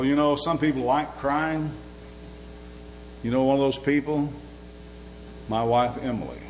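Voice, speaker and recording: A man's voice: a little high, a little hiss or hum, low-quality recording. A man preaching a sermon in a conversational way, asking rhetorical questions and adding humor. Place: church sanctuary.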